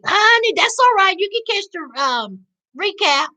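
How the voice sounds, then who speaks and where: A woman with a Southern US accent hosting a casual live recap, reading chat aloud and riffing in a sassy, animated way. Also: extremely high pitch, unhurried, poor audio. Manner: sassy, animated, calls viewers child and honey. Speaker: livestream host reading chat.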